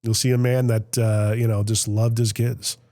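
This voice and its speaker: A man hosting a podcast, telling a personal family story in a reflective, emotional way, often trailing off softly, with a Middle Tennessee accent. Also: fairly low pitch, level tone, normal speed, dry recording. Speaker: podcast host. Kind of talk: candid conversational storytelling.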